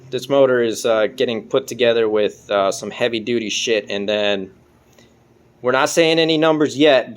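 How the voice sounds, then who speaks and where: A man casually talking through car work in his garage, loose and profane. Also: mid-range voice. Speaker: car vlogger. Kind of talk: casual garage vlog talk. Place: home garage.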